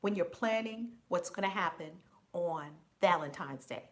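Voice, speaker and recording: On her live stream, a woman who works as a spiritual teacher chats in a lively, relaxed manner, often laughing and naming viewers directly. Her voice is on the low side, and she keeps a moderate pace.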